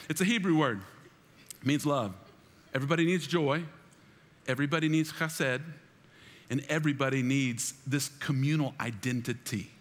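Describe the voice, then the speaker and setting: A man's voice: fairly high pitch, fairly bright tone, a little hiss or hum. A man preaching a sermon as pastor, calling out for the congregation to repeat after him in a large church auditorium. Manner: preaching with call-and-response to the congregation. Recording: long hall reverb in a church.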